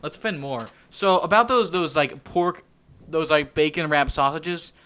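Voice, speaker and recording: A man's voice: a little high, measured pace, bright, forceful tone, smooth. A young man co-hosting a podcast, chatting casually, rambling and laughing often. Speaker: podcast co-host. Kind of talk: casual chat.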